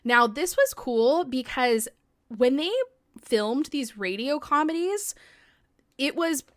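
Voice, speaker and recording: A woman's voice: high-pitched, animated, slow, no echo, clean studio sound. A young adult woman hosting a podcast in casual chat, talking freely with lots of "like" and casual swearing. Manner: chatty, swears freely, heavy use of "like". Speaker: podcast host. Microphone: podcast microphone.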